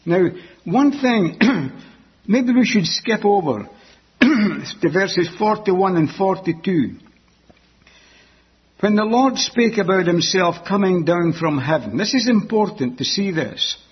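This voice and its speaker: A man preaching a sermon that explains a Bible passage, deliberate and repeating key words for emphasis. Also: high-pitched, expressive, slightly rough, muffled recording.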